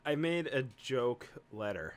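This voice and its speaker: A man's voice: mid-range voice, sing-song, measured pace, very noisy. A young man in casual late-night podcast chat over an online call, joking and ranting with plenty of swearing. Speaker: podcast host.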